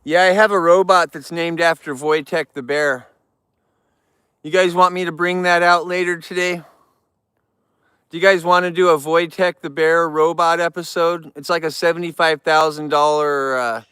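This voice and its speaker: A man's voice: a little high, steady tone, a little slow, fairly bright tone, clear, resonant tone, dry recording, clean studio sound. A middle-aged man chatting casually on an outdoor live stream, repeating himself for emphasis. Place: outdoors near a barn.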